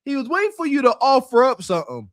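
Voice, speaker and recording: A man's voice: very high-pitched, big pitch swings, fast, no echo, studio quality. A man co-hosting a podcast, giving mocking, emphatic commentary. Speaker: podcast co-host. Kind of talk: casual commentary.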